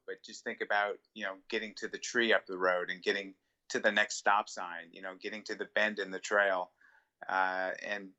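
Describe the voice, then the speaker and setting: A middle-aged man as an interview guest, talking in a relaxed, reflective way with chuckles. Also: fairly low pitch, highs cut off. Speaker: guest ultramarathon runner. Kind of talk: conversational interview.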